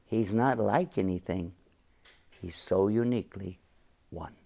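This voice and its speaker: A man's voice: on the low side, unhurried, gravelly, warm tone. Earnest man preaching with emphasis. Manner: earnest, emphatic preaching, often repeating key phrases. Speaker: guest sheikh. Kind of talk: religious teaching in an interview.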